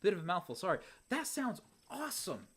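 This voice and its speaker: A gaming streamer giving casual let's play commentary, rambling and excitable, swinging between muttered whispers and loud outbursts. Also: medium pitch, fairly quick, breathy edge.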